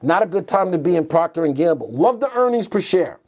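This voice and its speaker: A man's voice: fairly high pitch, big pitch swings, a little fast, a little mellow. A man hosting a stock market show, chatty and thinking aloud as he types in tickers and reads charts live.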